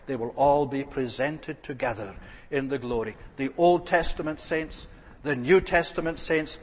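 A man preaching an earnest expository sermon, asking rhetorical questions and stressing key phrases. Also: fairly high pitch. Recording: reverberant hall.

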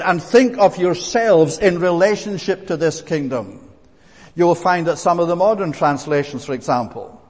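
A man's voice: sits high, a little mellow. A man preaching a sermon, earnest and emphatic, with frequent "eh" fillers and restarts. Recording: long hall reverb.

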